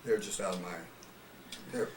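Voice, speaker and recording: Older man, low voice, ex-radio storyteller, distant mic in a roomy space, hiss behind. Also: steady tone, normal speed. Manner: folksy storyteller, chuckles often. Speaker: retired radio personality. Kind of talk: oral history interview.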